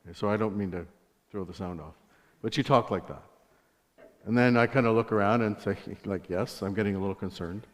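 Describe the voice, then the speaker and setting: A man's voice: on the low side, fairly even intonation, fairly quick, pauses often. A man giving a sermon testimony, telling stories in a conversational way with asides to the congregation. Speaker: guest preacher. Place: church sanctuary. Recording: long church hall reverb.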